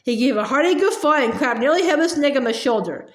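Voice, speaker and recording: A woman's voice: high-pitched, expressive, fast talker. A woman reading a storybook aloud, sometimes tripping over and repeating words. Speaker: audiobook reader. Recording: echoey room.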